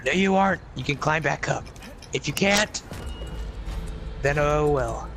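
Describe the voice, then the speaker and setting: High gravelly gamer dude teasing his friend, game music going. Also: measured pace. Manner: teasing, dry. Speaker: gamer co-commentating. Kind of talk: casual gameplay chat.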